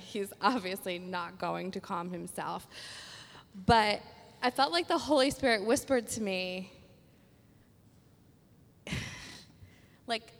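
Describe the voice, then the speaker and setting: A woman's voice: a little high, fairly bright tone. A woman with a cold telling a personal story at a church service, chatty and self-deprecating, with ums. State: has a cold. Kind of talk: storytelling sermon. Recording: long echo of a hall.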